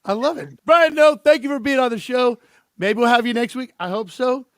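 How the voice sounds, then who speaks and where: A man's voice: very high voice, brisk, no room sound, clean studio sound. A man hosting a casual sports radio talk show, joking loosely and laughing often. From California. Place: radio studio.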